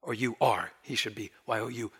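A man preaching a sermon, emphatic, swinging from loud stresses to near whispers. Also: fairly low pitch, a little fast, breathy edge. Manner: emphatic, varying pace and volume, drops to near whisper.

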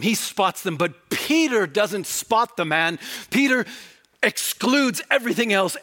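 A man preaching an expository sermon, with animated swings between loud emphatic quotes and quiet asides, and frequent restarts. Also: high voice. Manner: frequent restarts and repeated words. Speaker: pastor.

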